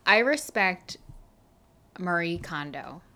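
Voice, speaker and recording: A woman co-hosts a podcast in easy, casual chat. Her voice is bright and forceful and sits a little low for a woman. She talks in an animated, emphatic way and pokes fun at herself. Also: takes it slowly, slight background noise. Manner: animated, emphatic, self-mocking. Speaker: podcast co-host.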